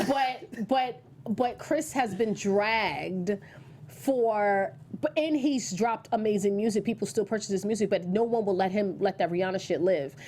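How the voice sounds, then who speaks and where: A woman's voice: mid-range voice, measured pace, warm tone, slight background noise. A woman co-hosting a casual celebrity gossip chat, blunt and slangy, her voice a little sick today. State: slightly sick voice. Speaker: co-host.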